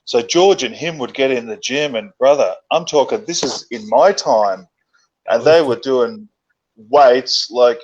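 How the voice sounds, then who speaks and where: A man hosts a casual chat and tells his stories in an excitable, animated way. The recording sounds dull and lo-fi. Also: mid-range voice, unhurried, slight background noise. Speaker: host.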